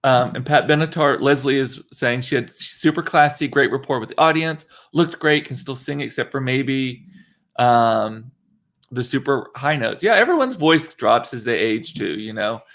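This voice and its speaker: A man's voice: mid-range voice, expressive, normal speed, a bit bright. A man from South Texas, chatting casually and rambling on his livestream. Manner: chatty and rambling, with many fillers and restarts. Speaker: livestream host. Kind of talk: casual live-stream chat.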